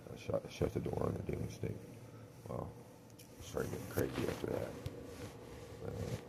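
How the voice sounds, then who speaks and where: Man, extremely deep gravelly voice, loose rambling monologue full of pauses and trailing thoughts. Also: level tone, noisy background. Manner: meandering, trailing off, frequent "uh" pauses. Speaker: self-described clairvoyant.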